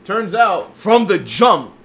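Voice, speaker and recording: A man's voice: sits high, slow, vocal fry. Profane storytelling man, faint noise. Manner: profane, animated storytelling with quoted voices. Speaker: podcast co-host. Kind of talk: casual storytelling chat.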